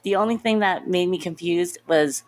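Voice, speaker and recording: A woman guest on a podcast, chatting casually and telling things in an animated, tumbling way. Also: lowish voice, normal speed. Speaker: podcast guest, freelance writer.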